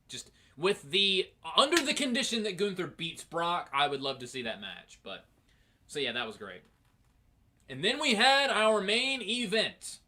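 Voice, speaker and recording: Lively, profane male reviewer. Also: medium pitch. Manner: animated, profane, rambling. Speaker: host. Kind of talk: casual review commentary.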